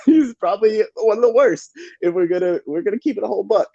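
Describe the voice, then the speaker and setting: A man's voice: sits high, fast talker, vocal fry, mellow, dry recording, lo-fi sound. A man co-hosting a live match watchalong, chatting casually with slang and frequent laughs. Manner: laid-back, laughs often, slangy. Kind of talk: casual live-stream chat.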